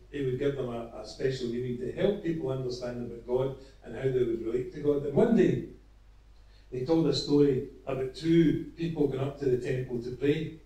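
A man preaching an evangelistic sermon, retelling a parable earnestly with halting restarts. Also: medium pitch, warm tone. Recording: echoey, from far off.

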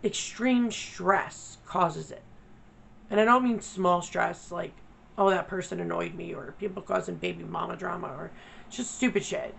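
A woman's voice: fairly low pitch, a little slow, creaky, fairly bright tone, low-quality recording. A woman vlogger talking candidly, blunt and profane, venting her frustration. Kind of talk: candid personal vlog.

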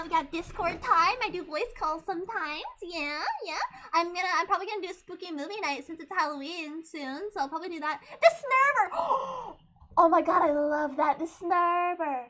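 Young woman streamer, high bright voice, giggly and hyper, gets loud. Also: slight background noise. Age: 20s. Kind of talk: casual live-stream chat.

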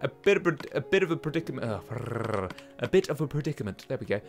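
A man's voice: medium pitch, big pitch swings, fast talker, creaky, faint music behind. A young man hosting a let's play from home, rambling to himself and taunting enemies as he plays. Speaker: gaming channel host. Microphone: desk microphone.

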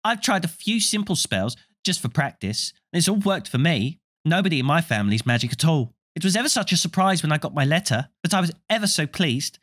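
A man reading aloud voices a bossy, fast-talking know-it-all schoolgirl in a storybook. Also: extremely high pitch, big pitch swings, a bit bright, voice pushed up, full character voice. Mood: bossy eager. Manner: rapid and bossy.

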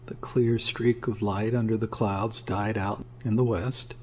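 A man reading a classic story aloud as an audiobook narrator, in a measured way. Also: lowish voice, steady tone, slight background noise.

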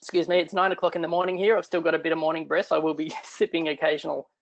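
A man's voice: fairly high pitch, level tone, rapid-fire, gravelly. A middle-aged man with an Australian accent giving a chatty, irreverent online talk from home. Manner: chatty, irreverent, self-deprecating. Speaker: guest speaker.

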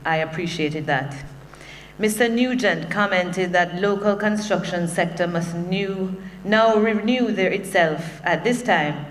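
Jamaican woman speaking in a reverberant hall. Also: lowish voice. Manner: conversational, with humorous personal asides. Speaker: workshop presenter from a bank. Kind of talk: conference speech. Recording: long hall reverb, faint hum.

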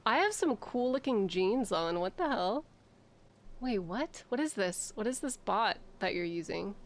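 A woman's voice: medium pitch, sing-song, measured pace. A woman chatting casually on a game live stream, giggly and often laughing.

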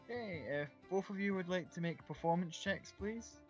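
A man's voice: high voice, normal speed. A man narrating as game master in a casual, rambling way, laughing easily, in a muffled lo-fi recording with faint music behind. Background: faint background music.

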